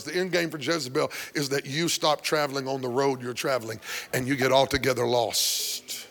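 A male pastor preaching a sermon, breaking into shouts and sung phrases, then dropping to a hush. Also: medium pitch, steady tone, fairly quick, creaky, long reverb tail. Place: church sanctuary.

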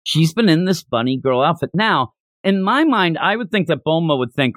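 A man's voice: a little high, normal speed, no room sound. A man hosting a manga podcast, talking casually and rambling while acting out lines. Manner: rambling, animated, acts out quotes. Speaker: podcast host.

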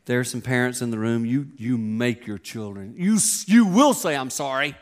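A man's voice: medium pitch, expressive, moderate pace. A man in his fifties giving a sermon, a conversational, joking storyteller. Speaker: pastor.

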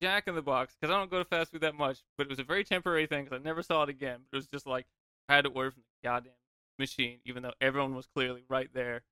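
A man co-hosting a podcast, telling a story in casual chat, swearing freely and breaking into loud bursts. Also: mid-range voice, rapid-fire, smooth, dry recording. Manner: profane, animated storytelling with bursts of shouting. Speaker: podcast co-host.

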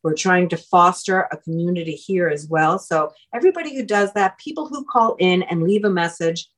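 A middle-aged woman hosting a podcast, chatting casually in an animated, easy-laughing way. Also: on the low side, a little fast. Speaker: podcast host. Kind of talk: casual chat.

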